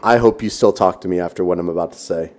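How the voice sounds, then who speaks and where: A man's voice: low voice, quick pace, a little mellow. A young man hosting a stream, chatting casually in a playful, teasing way. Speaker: streamer host. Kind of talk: casual chat.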